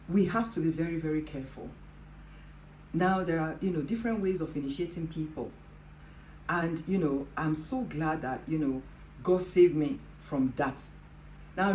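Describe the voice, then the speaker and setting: Low-voiced woman telling a testimony. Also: expressive, normal speed, long pauses, a little mellow, slight background noise. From Africa. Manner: earnest, peppered with "you know". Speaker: host of a Christian devotional show. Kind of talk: personal testimony storytelling. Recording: roomy with faint ambience.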